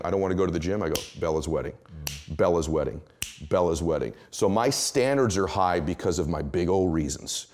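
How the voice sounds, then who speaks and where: Deep-voiced man telling motivational stories. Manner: emphatic, animated storytelling. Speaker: guest. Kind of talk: motivational interview talk.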